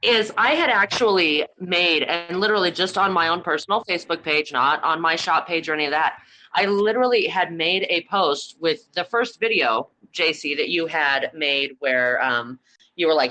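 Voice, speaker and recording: A woman with a fairly low voice chats on a casual podcast. She speaks candidly and with some heat, dropping curse words as she goes. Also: brisk, sharp tone, rough recording. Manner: candid, fired up, swears casually.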